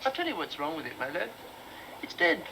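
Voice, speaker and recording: A woman's voice: sits low, wildly swooping pitch, a little fast, vocal fry, exaggerated voice. A woman voicing an indignant male customer who insists, with exasperation, that his parrot is dead. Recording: noisy stream audio.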